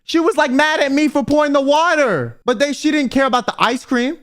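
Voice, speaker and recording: A young man telling a storytime in a casual, exasperated rant, swinging between loud bursts and mumbles. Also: extremely high pitch, fairly quick. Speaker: vtuber storyteller.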